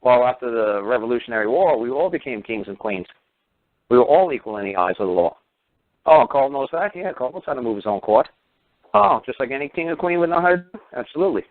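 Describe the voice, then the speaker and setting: Heard through tinny phone-line radio audio, a male host with a medium-pitched voice rants heatedly on his show. He fires off sarcastic rhetorical questions and swears some, and there's no room sound.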